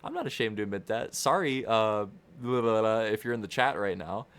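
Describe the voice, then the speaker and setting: A man's voice: fairly low pitch, animated, brisk, a bit bright, clean tone. A young man rambling through casual livestream race commentary, profane and constantly interrupting himself.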